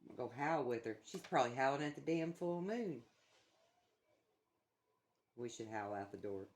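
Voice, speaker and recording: A woman's voice: extremely low pitch, expressive, moderate pace. A middle-aged woman chatting casually, a blunt, profane storyteller who swears freely. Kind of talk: casual chat.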